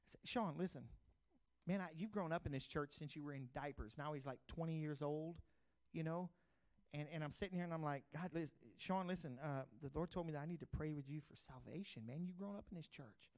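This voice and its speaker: Speaking briskly in a slightly high male voice, a middle-aged pastor delivers his sermon as conversational storytelling. He alternates between loud bursts and hushed asides.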